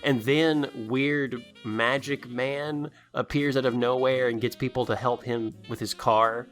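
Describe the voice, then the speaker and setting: A man co-hosting a podcast, chatting casually about a movie with sarcastic jokes and quick silly character voices. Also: mid-range voice, steady tone, fairly bright tone, faint music behind. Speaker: podcast co-host. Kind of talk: casual movie commentary chat.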